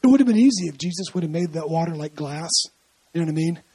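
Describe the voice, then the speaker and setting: A preacher with a husky voice delivers a casual, storytelling sermon and keeps checking in with the listener through rhetorical questions. The sound is dry and close, with no room echo. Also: mid-range voice, lively intonation, fast, mellow. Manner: asks frequent rhetorical questions; explains scripture in a chatty, storytelling way. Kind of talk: conversational sermon.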